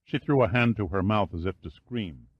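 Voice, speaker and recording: A man narrating an audiobook in a measured, steady reading style. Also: fairly low pitch, breathy edge, highs cut off. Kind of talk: scripted narration.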